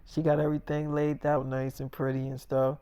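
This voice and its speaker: A man's voice: on the high side, completely flat delivery, a little fast, mellow, clean tone, dry recording. A man telling a long casual story to the camera, rambling and repeating himself with lots of "you know". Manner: loose, repetitive, full of "you know". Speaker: vlogger.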